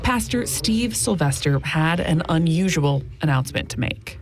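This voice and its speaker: A woman correspondent delivering a scripted radio news report in a measured, even way. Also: sits low.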